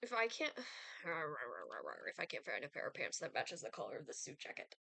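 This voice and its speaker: A woman's voice: low-pitched, wildly swooping pitch, normal speed, vocal fry, sharp tone, dry recording. A young woman streaming a life-sim game, chatting casually with lots of fillers and giggles. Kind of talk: casual gameplay chat.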